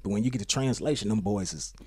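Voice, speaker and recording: A man in casual podcast chat who rambles, swears freely and often trails off quietly. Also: fairly low pitch, fast, breathy edge, no echo.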